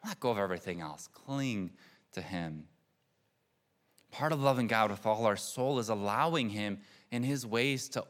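A man in his thirties preaching a sermon in an earnest, reflective way, often repeating words and laughing softly. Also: lowish voice. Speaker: pastor.

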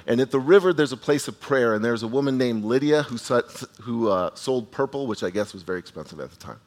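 A man preaching a sermon, retelling a scripture story in a conversational, animated way with asides to the listeners and frequent restarts. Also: on the low side. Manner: restarts and repeats words while speaking. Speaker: pastor.

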